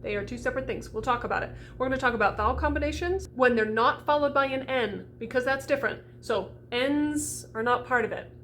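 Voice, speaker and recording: Bubbly woman voice coach, slightly high. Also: a little fast, few pauses, a little hiss or hum. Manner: bubbly, animated, demonstrates sounds aloud. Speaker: classical voice coach. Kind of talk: teaching French diction for singers.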